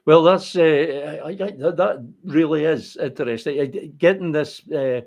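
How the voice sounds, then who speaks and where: A man from Fife in Scotland interviewing a guest, speaking in a measured way with frequent hesitations. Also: on the high side, a little mellow. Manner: measured, many "uh" fillers. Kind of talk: interview questions.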